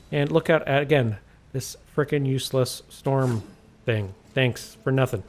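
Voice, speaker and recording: A man's voice: mid-range voice, a little mellow, slight background noise. A man giving casual walkthrough commentary on a video game, rambling and correcting himself with wry asides, recorded at home on a desk microphone.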